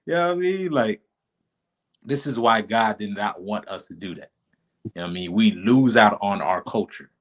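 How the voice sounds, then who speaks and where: A man's voice: on the low side, moderate pace, low-quality recording. A man teaching a class casually over a live stream, informal and often checking in with his listeners.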